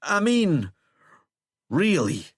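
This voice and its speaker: Guy doing a sardonic chained monster dude, folksy and coaxing, lively up-and-down voice, dry close mic. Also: high-pitched, drawn-out words, slightly rough, no echo, pitched above the performer's own voice, heavily acted. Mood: wry. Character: shackled cursed man, wry, taunting, coaxing.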